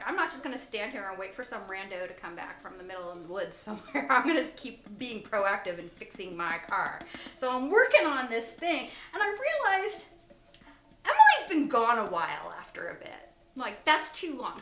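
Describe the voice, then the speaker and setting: Bright, lively woman telling a spooky story. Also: fairly high pitch. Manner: animated, laughs often, drops to a whisper at tense moments. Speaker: host. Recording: echoey room.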